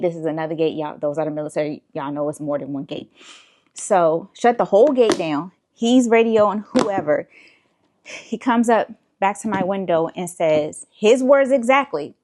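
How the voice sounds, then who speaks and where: Casual woman vlogger, 30s, lowish voice, exasperated and animated storyteller. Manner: animated, exasperated retelling with profanity.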